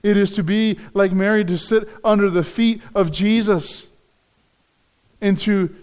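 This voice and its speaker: A man's voice: high-pitched, steady tone, a little slow, darkish tone, clean tone. A man preaching a sermon as pastor, earnest and repeating key phrases for emphasis.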